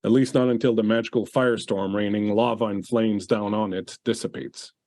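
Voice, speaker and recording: A male game master narrating a tabletop role-playing game, painting each scene in easy description with many uhs along the way. His voice is on the low side and recorded close and dry. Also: steady tone, a little fast, a little mellow, no echo.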